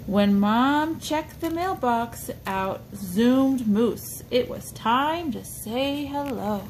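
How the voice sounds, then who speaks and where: Animated woman reading to a toddler. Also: a little high, drawn-out words, a little hiss or hum. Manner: sing-song, coaxing, points at pictures and asks the child questions. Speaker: storybook reader for a child. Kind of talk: reading a picture book aloud to a toddler.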